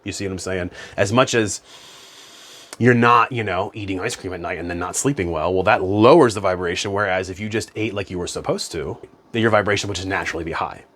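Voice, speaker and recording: Guy with a lowish voice chatting about spiritual stuff, laid back, lots of you know and man. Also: a little fast, a bit bright. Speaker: spiritual self-help coach. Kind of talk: casual motivational monologue.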